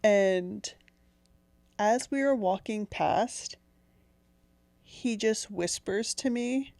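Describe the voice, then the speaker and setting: A woman's voice: medium pitch, very slow, gravelly, a little mellow, no room sound. Giggly, rambling young woman storyteller. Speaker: podcast co-host. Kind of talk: casual chat, storytelling.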